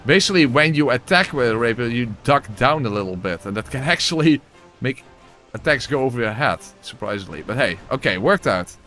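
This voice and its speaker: A man's voice: medium pitch, very animated, a little fast, a bit bright, soft background music. A man giving casual gameplay commentary and voice-over narration, exclamatory, swearing, with wry asides.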